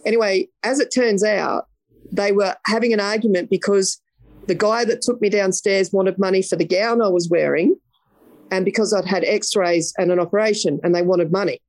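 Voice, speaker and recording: A woman's voice: medium pitch, moderate pace, darkish tone, dry recording. An Australian woman, a podcast guest, telling a story in a casual interview, blunt and vivid, acting out the quoted dialogue.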